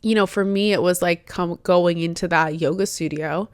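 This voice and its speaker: A woman in her late twenties talks candidly on her own podcast, her voice sitting a little low and dry. She rambles warmly through a personal story with frequent "like" fillers, sincere and heartfelt. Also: steady tone, normal speed, clear, resonant tone, no echo. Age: 20s. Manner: chatty, full of "like" fillers, heartfelt. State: tearful, emotional at times. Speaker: podcast host.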